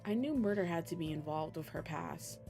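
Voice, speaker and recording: A woman's voice: fairly low pitch, expressive, creaky. A young woman streamer giving casual, slangy, joking commentary while playing a game. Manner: slangy, joking, quick reactions. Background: game music.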